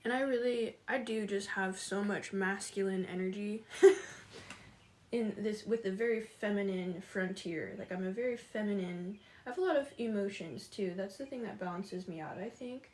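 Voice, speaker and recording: A woman's voice: mid-range voice, moderate pace, darkish tone. A woman chatting casually with viewers on a livestream, laughing often and greeting them by name.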